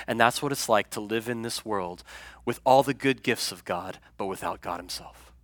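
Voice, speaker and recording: A man preaching a sermon as a pastor, casual and earnest, rising loud then dropping very soft for emphasis. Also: medium pitch, moderate pace, no echo.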